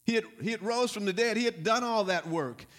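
A man preaching a sermon in a high, bright-pitched voice. He repeats key lines and swells into loud exhortations. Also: brisk. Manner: repetitive, rising to loud exhortation. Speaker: pastor.

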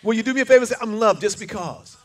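A man's voice: high voice, animated, very fast. An older man preaching a sermon, fervent, with call-and-response lines and repeated words. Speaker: pastor.

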